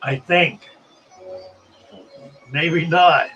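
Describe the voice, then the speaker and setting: A man's voice: on the high side, fairly even intonation, drawn-out words, sharp tone, muffled recording, slight background noise. A man hosting a live stream in a casual, chatty way, reading viewer comments aloud and musing as he goes.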